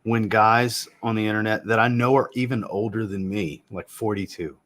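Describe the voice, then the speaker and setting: A man with a fairly low voice chats casually on a home livestream. He answers viewers in a blunt, joking way and swears freely. He sounds like a man in his thirties. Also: fairly even intonation, moderate pace, fairly bright tone. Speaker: fragrance reviewer hosting a live chat. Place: home room with a fragrance shelf.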